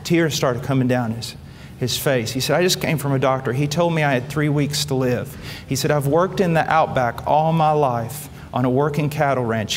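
A man preaching, telling a story and quoting others in lively acted voices. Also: on the high side. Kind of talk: sermon storytelling. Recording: hall reverb, faint background noise.

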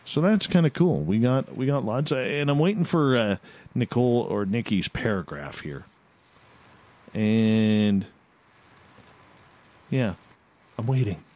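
A male radio host chatting casually and reading out listeners' results in a halting, unhurried way. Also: medium pitch, animated, a little mellow. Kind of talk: casual talk-radio chat.

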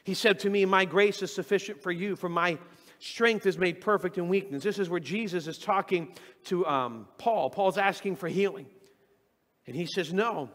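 A man's voice: high-pitched, moderate pace, fairly bright tone. A middle-aged man preaching a sermon as pastor, talking conversationally and acting out the voices he quotes. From California. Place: church sanctuary. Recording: long church reverb.

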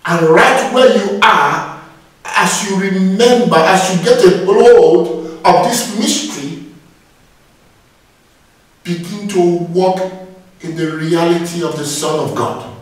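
A man's voice: high voice, very echoey, recorded from a distance, rough recording. A man preaching a sermon, exhorting his listeners and often breaking in with praise. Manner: exhorting, repeats phrases with "Praise God".

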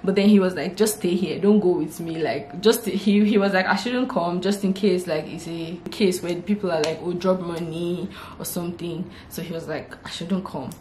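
Brief: young Nigerian woman vlogger, low voice, lively chatty storytelling, echoey room. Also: normal speed, few pauses. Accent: Nigerian English. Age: 20s. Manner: lively retelling, acting out what people said. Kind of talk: casual storytelling vlog. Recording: roomy echo, faint background hiss.

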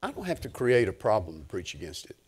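An older man, preaching a sermon through a lively personal story, swinging from low murmurs to loud excited bursts. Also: quick pace, breathy edge. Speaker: pastor.

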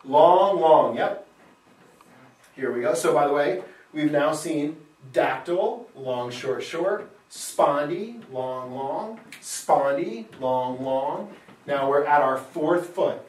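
A man's voice: on the high side, animated, takes it slowly, slight background noise. Male Latin teacher, patient questioner, roomy sound, mic set back. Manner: patient, asks questions and confirms answers. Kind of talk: classroom lesson, scanning verse aloud. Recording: echoey room, mic far off.

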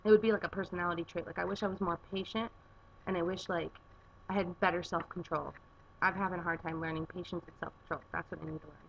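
A woman's voice: lowish voice, steady tone, fast, vocal fry, lo-fi sound, a little hiss or hum. A young woman chatting casually on her vlog from her garage, rambling with plenty of filler words. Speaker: vlogger. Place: home garage.

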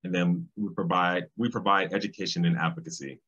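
A man, speaking as a guest in an interview, thoughtful and pausing often with ums. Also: low voice, fairly even intonation, fairly bright tone, breathy edge. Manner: thoughtful, with frequent ums and restarts. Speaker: guest, civil rights state director. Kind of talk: casual interview conversation. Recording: slightly dull, lo-fi sound.

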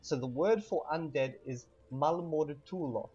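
A man teaching vocabulary in a casual lesson, repeating each word slowly with fillers. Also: fairly high pitch, warm tone, slightly rough, dull audio. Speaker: language teacher.

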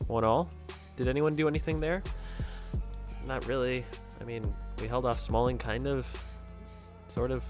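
A young man giving casual, jokey video game commentary, reacting loudly to every play. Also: medium pitch. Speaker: gaming YouTuber.

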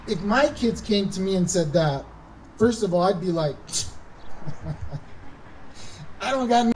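A man preaching a sermon as pastor, animated, acting out quoted voices with emphatic rises. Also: high-pitched, distant mic, a little hiss or hum, rough recording. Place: church.

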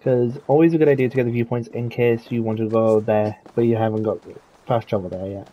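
A man's voice: medium pitch, steady tone, brisk, warm tone, slight background noise, low-quality recording. A man casually commenting and joking with mild swearing while playing a game. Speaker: gameplay streamer. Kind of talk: casual let's-play commentary.

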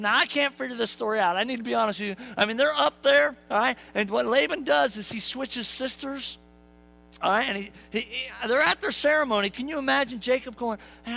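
In poor audio, a young adult man with a very high-pitched, gravelly, bright and forceful voice preaches in a church sanctuary. A pastor with a jokey storytelling style, he acts out characters and puts questions to the congregation.

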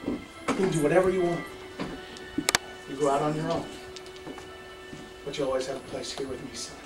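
Man doing a soft-spoken kindly old father. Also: sits high, steady tone, moderate pace, roomy sound, distant mic, loud music behind the voice, lightly acted, rough recording. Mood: gentle. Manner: gentle, soft, pleading. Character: kind, patient old farmer father.

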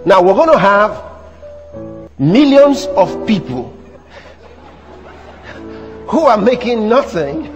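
A man preaching a sermon to a church congregation, animated, teasing the audience with rhetorical questions and mimicry. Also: high voice, takes it slowly, long pauses, in a large hall, lo-fi sound, soft background music. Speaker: pastor.

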